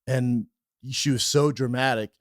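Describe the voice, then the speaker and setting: A man's voice: mid-range voice, steady tone, a little slow, dry recording, clean studio sound. A man guesting on a podcast, telling a funny anecdote with lots of swearing and acted-out voices. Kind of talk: animated storytelling.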